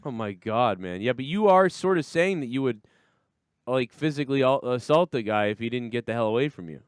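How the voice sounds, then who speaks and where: A man's voice: medium pitch, lively intonation, brisk, clear, resonant tone, no room sound, clean studio sound. A man hosting a podcast in casual chat, joking and incredulous, often laughing. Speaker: podcast host.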